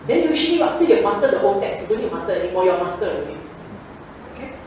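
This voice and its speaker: A woman's voice: medium pitch, big pitch swings, very fast, a little mellow, slight background noise. A woman giving a public Dhamma talk, repeating her points emphatically in colloquial phrasing. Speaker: Buddhist Dhamma speaker. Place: lecture hall. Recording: echoey hall recorded from far off.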